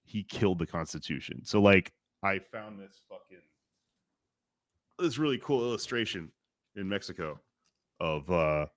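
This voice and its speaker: A man hosting a podcast, telling a history story in a loose, profane, animated way and acting out shouted lines. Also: sits low, measured pace, long pauses, no room sound. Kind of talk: casual storytelling chat.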